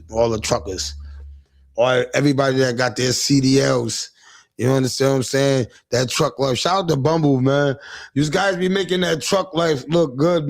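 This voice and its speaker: A man hosting a livestream, telling rambling, profane, teasing comic stories in casual chat. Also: medium pitch. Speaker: livestream host.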